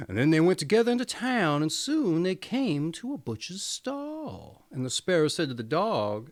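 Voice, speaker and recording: Playful male storyteller reading folk tales in a casual, chatty way; pitch leaps all over. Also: big pitch swings, normal speed, hardly any pauses. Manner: playful, chuckles at his own slips. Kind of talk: casual fairy-tale read-aloud.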